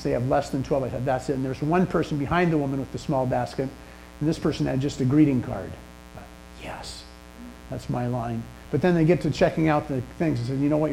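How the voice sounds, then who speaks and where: A man delivers a sermon in a relaxed, storytelling manner, poking gentle fun at himself. His voice is gravelly and dark in tone. A faint mains hum sits under the recording. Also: on the high side, poor audio. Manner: conversational, self-deprecating anecdotes. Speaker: pastor.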